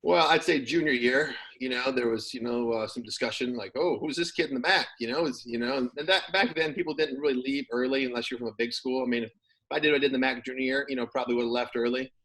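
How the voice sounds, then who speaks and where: A man's voice: mid-range voice, fast, low-quality recording. A man, a former pro football player, talking casually as an interview guest, rambling with plenty of fillers. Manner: relaxed, rambling with many fillers.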